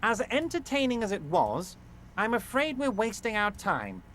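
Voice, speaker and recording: A man's voice: high-pitched, huge pitch swings, normal speed, fairly bright tone, slight background noise, exaggerated voice. A man voicing a fawning middle-aged union boss who talks in an oily, overly reassuring, theatrical way. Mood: smarmy. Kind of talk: fan voice acting of a game.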